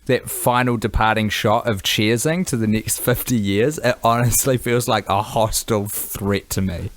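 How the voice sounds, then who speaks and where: A man co-hosting a podcast, asking questions in an animated, jokey way. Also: on the low side, normal speed, no room sound. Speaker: podcast co-host. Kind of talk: casual chat.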